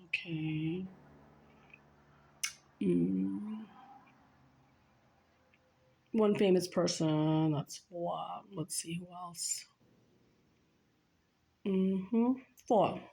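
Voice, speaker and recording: A woman's voice: mid-range voice, extremely slow, creaky, pauses often, a little mellow. A woman vlogger talking casually to the camera, joking and rambling and chuckling at herself.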